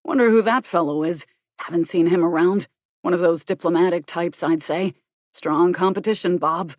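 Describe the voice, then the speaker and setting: A brash, tactless male officer voiced by a woman reading a thriller audiobook, chattering and gossiping at a quick clip. The voice sits fairly low and is recorded close and dry. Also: darkish tone, no room sound, lightly acted. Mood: teasing. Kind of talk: audiobook character voice.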